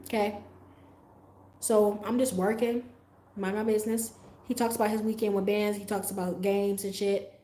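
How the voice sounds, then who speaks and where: A woman livestreaming tells a story straight to her viewers in a loose, profane, animated way, acting out her own reactions as she goes. Her pitch sits in the ordinary middle range. The voice carries a roomy echo. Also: normal speed, long pauses. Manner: talks straight to her viewers with frequent asides. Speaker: livestream host telling a story. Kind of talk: casual storytime monologue.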